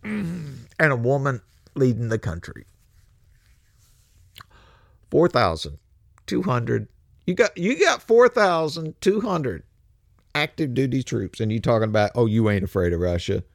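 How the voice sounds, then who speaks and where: An older man hosts a political commentary show, mocking things in blunt, coarse street talk and laughing often. His medium-pitched voice is gravelly and slow, with big pitch swings and frequent pauses, in a dry, studio-quality recording.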